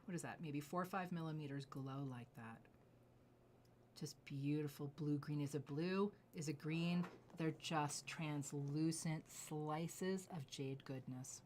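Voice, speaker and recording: A middle-aged woman, a jewelry designer, showing off her pieces in an effusive, gushing way, often dropping to soft asides. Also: low-pitched, animated, normal speed, a little hiss or hum. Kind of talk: enthusiastic product showcase.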